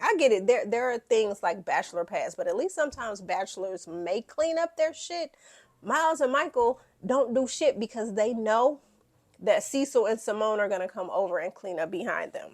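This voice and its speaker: Female recap host, blunt and profane, casual opinionated delivery, mid-range voice. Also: medium pitch.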